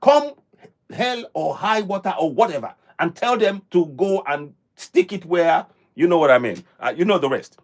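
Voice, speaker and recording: Rambling, high-voiced man. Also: lively intonation, normal speed. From Africa. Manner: rambling, full of fillers and restarts. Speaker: livestream host. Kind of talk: live commentary on a clip.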